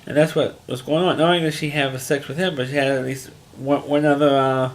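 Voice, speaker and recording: A man talks through the plot of a crime drama episode in a loose, rambling way, circling back and restarting his sentences as he goes. His voice sits at an ordinary middle pitch, and his delivery is unpolished and conversational. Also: little pitch movement, a little fast, slight background noise. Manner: rambling, frequent restarts and fillers, plain-spoken. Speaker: TV episode reviewer. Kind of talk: casual recap monologue.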